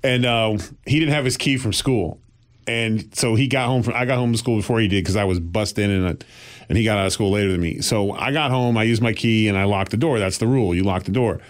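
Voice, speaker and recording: A man's voice: lowish voice, fairly quick. A man casually telling a long childhood story, acting out the quotes as he goes. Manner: animated anecdote teller, acts out quotes.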